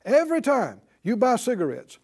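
Animated older male preacher. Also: very high-pitched, normal speed, husky. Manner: animated, call-and-response with congregation. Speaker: pastor. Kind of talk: sermon.

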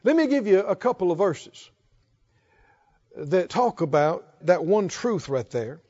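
A male pastor delivers a sermon in a very high, lively voice. He preaches slowly and emphatically, building to fervent calls. The recording sounds dull and lo-fi.

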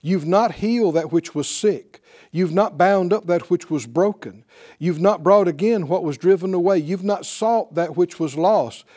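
A man's voice: sits high, measured pace, dark tone. A man preaching a sermon, emphatic, often asking the congregation questions.

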